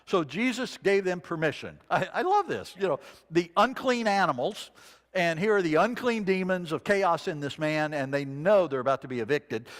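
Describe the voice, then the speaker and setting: A man preaching a sermon, reading scripture dramatically and dropping to a hush for quoted lines. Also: on the high side, lively intonation, moderate pace. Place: church sanctuary. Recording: long reverb of a church sanctuary.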